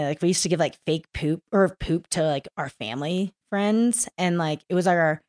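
A woman from East Texas, a climbing guide, telling stories as a podcast guest with lots of laughter in a rambling, animated way. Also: lowish voice, normal speed, hardly any pauses. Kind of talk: casual podcast chat. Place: recorded in a mountain town in Colorado.

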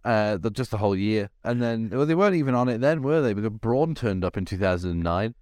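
A man's voice: on the low side, expressive, fast, a little mellow, no room sound. A man from England co-hosting a motorsport podcast, talking in a rambling, reflective way with many fillers. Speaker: podcast co-host. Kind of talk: casual chat.

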